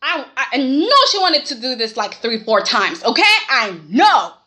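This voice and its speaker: A woman casually recapping a soap opera episode in a vlog, animated and sassy, talking straight at the characters and tagging lines with "okay?". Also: fairly high pitch, a little fast.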